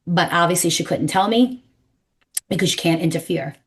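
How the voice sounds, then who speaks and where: Brief: New York woman, forties, numerologist podcast guest, lowish voice, emphatic storyteller. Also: moderate pace, slight background noise. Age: 40s. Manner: animated, emphatic, acts out quoted voices.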